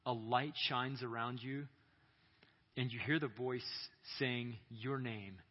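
A man delivers a sermon at a youth conference, dropping low and slow for the dramatic moments. His voice is husky and slightly dull, carried by the long reverb of a large hall. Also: steady tone. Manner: dramatic storytelling, acting out quoted prayers and voices. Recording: echoey hall, dull sound.

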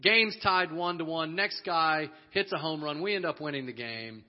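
A man telling a lively personal story to an audience, animated and laughing often as he acts out the people in it. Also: fairly high pitch, moderate pace. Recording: dull lo-fi audio.

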